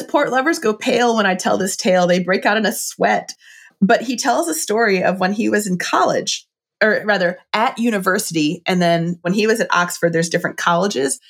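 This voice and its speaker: A middle-aged woman chatting casually and enthusiastically about wine and a book, with lots of fillers. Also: mid-range voice.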